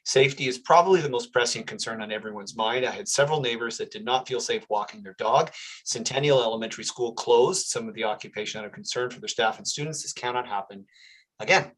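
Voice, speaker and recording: A man hosting an online town hall, moderating it in an earnest, measured way and reading out audience comments. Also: medium pitch, fairly bright tone. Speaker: town hall host, politician.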